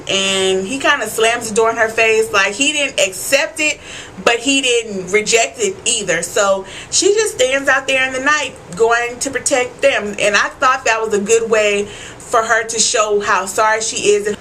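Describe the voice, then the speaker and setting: With slight background noise behind her, this TV recap vlogger speaks at a measured pace in a high-ish, bright, pushed voice. The young woman addresses viewers directly in a profane, casual recap, repeatedly asking "you know what I'm saying."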